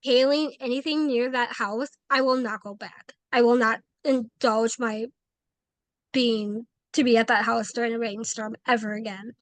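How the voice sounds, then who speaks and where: Brief: woman guest, fairly high voice, chatty storyteller who acts out every quote, dry close sound. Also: normal speed, no room sound. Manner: animated, acts out quoted dialogue, frequent "like". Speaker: paranormal investigator, guest. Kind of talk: casual interview storytelling.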